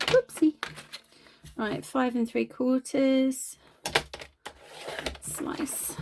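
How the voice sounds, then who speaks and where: Chatty woman crafting, gravelly voice. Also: sits high, takes it slowly, pauses often, noisy background. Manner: chatty, self-deprecating, talks while working. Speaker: craft video host. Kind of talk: casual crafting chat.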